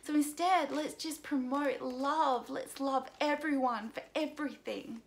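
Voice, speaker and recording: A woman's voice: high voice, steady tone, unhurried. A young woman from Australia talking earnestly in a personal vlog, pleading and close to tears at times. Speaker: vlogger.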